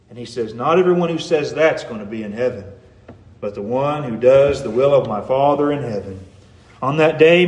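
Preaching man in an echoey room. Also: high voice. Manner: earnest, rising and falling emphasis. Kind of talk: sermon.

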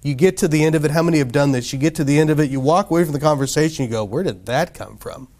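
A pastor with a highish, darkish male voice preaches very fast in a steady tone. His sermon is casual and conversational, full of questions to the congregation and acted-out quotes.

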